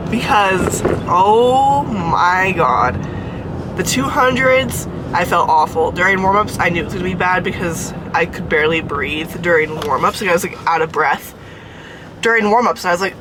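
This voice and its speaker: A woman's voice: on the low side, noisy background. A young woman chatting casually in a vlog, out of breath, rambling with lots of likes and restarts. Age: young adult. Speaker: vlogger.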